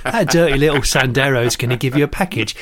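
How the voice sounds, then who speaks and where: A man putting on a threatening hard man, barking orders in a medium-pitched voice. He is bossy and menacing, and spells out each step. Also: fast, noisy background, close to an everyday voice.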